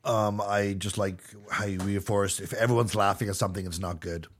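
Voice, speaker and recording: A man's voice: lowish voice, steady tone, brisk. A man co-hosting a podcast, making his points in casual debate. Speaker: podcast co-host.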